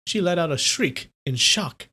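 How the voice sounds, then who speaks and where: A streamer reads a translated wuxia novel aloud on a live stream, moving into loose, playful chat with viewers between passages. The delivery is casual and unpolished, with a mid-range pitch. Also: animated, a little slow, sharp tone, husky. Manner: casual, playful, chatty asides.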